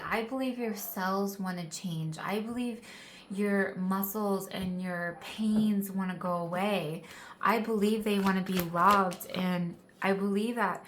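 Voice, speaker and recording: Recorded on a phone camera in a candlelit indoor room, a tarot card reader talks through a casual reading with slight background noise. Her medium-pitched voice is a bit bright, and her chatty, encouraging talk is full of "like" fillers.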